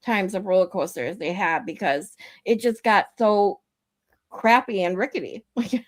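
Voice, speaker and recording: A woman's voice: medium pitch, unhurried. A woman livestream host, telling a story in casual chat, swearing freely and laughing often.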